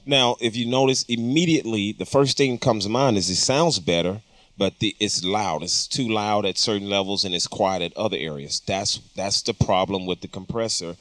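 Male studio instructor, low voice, casual explainer, dry close sound. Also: normal speed, fairly bright tone, no room sound. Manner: explanatory, casual, with frequent ums. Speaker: audio engineering instructor. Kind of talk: studio tutorial talk. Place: recording studio.

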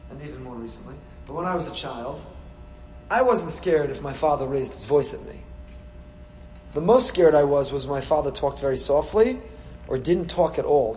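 A man, a rabbi, delivering a sermon full of rhetorical questions and repetition, with sharp swings between loud and soft. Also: a little high, reverberant, low-quality recording. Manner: storytelling, acts out quoted voices.

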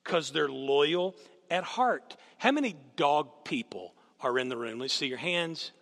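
A man's voice: on the high side, animated, unhurried, a bit bright. A man preaching a sermon as a guest speaker, telling stories with animation and putting questions to the congregation. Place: church sanctuary. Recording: long hall reverb.

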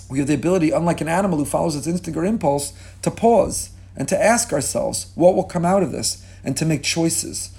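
A man's voice: fairly high pitch, animated, brisk, gravelly, hardly any pauses, dark tone, husky. A man giving a sermon as a rabbi, impassioned and rhetorical, repeating key words for emphasis and mixing Hebrew and Yiddish terms into his talk. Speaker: rabbi teaching a class.

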